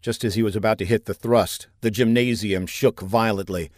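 Steady male audiobook narrator, dry close sound. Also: fairly low pitch, no echo. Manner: measured, steady storytelling with action build-ups. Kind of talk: scripted narration.

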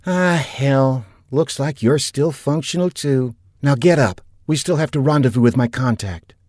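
Give me a bossy, wry rebel woman put on by a male narrator, pitched higher and quick to give orders. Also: a little mellow, no room sound, studio quality, close to an everyday voice. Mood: brisk. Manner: brisk, commanding. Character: tough adult female rebel, brisk and bossy.

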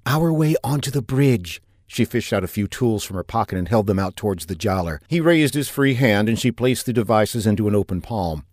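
A man narrating a science fiction audiobook in a steady, even storytelling manner on a close mic. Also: fairly low pitch, a little fast, hardly any pauses, no room sound. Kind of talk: scripted narration.

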